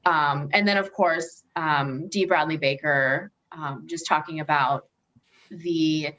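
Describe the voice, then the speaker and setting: A woman's voice: sits low, slow pace, fairly bright tone, lo-fi sound. A woman guest in a casual podcast chat, who talks in long runs with many fillers. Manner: rambling, heavy on filler words.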